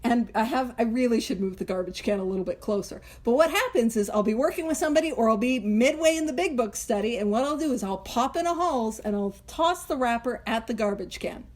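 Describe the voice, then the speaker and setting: A woman's voice: a little high, animated, a little fast, few pauses, a little mellow. A woman hosting a recovery book study, talking casually and animatedly, with frequent laughs and self-interrupting asides. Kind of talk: casual teaching chat.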